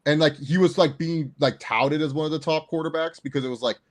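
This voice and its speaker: A man co-hosting a casual sports chat, excitable and rambling, with lots of fillers. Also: on the high side, fairly quick. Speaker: co-host.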